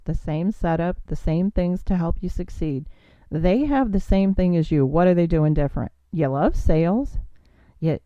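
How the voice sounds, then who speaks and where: A woman's voice: fairly low pitch, no room sound, phone-quality sound. Earnest woman coaching with rhetorical questions. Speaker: podcast host. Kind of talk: motivational monologue.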